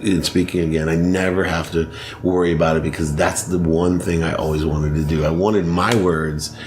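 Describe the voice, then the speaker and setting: Deep voiced guy telling stories fast and excitedly, little bit of noise behind. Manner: energetic, laughs often, fast storytelling. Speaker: podcast guest, sports marketing CEO. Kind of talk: animated storytelling.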